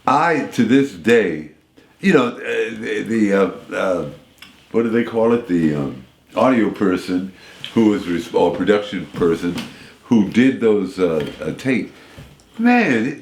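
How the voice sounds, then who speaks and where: Deep-voiced man telling lively stories. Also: slow, reverberant. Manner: rambling, animated storytelling with restarts. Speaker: radio interview guest. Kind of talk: storytelling in a radio interview.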